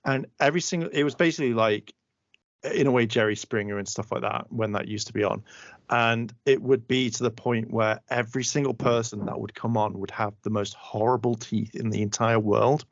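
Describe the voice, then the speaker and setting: A man's voice: mid-range voice, steady tone, fairly quick, no echo. A man co-hosting a podcast, telling a rambling story in casual chat and swearing freely. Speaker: podcast co-host. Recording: dull, muffled audio.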